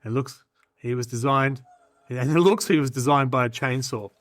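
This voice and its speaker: A man co-hosting a podcast, delivering a hammy mock recruitment pitch with bursts of shouting and laughter, slightly hoarse. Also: normal speed, dry recording. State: slightly hoarse after illness. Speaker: podcast co-host.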